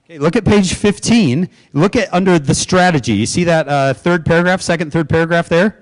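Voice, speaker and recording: Man, keynote speaker, fairly high voice, playful, asks the room questions. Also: poor audio. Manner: jokey, quizzes the audience with quick questions. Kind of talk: humorous keynote speech to educators.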